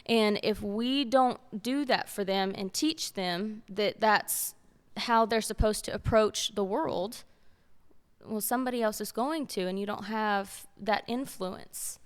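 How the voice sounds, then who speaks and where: A woman's voice: medium pitch, slow pace, clear, resonant tone. A woman, co-hosting a faith-based talk show and telling stories earnestly. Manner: earnest, storytelling, repeats for emphasis. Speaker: podcast co-host. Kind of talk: casual faith-based chat.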